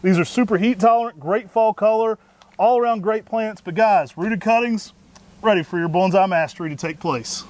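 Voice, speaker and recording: Guy hyping up maples, highish voice, lots of y'all. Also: moderate pace. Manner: energetic, folksy, says y'all. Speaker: co-host of plant show. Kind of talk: enthusiastic product talk.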